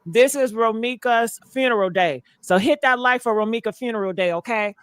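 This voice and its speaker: A woman hosting a casual commentary vlog, chatty and slangy as she addresses her viewers directly. Her voice sits a little high and is recorded dry and close, with no room sound. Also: brisk, clean tone, dry recording.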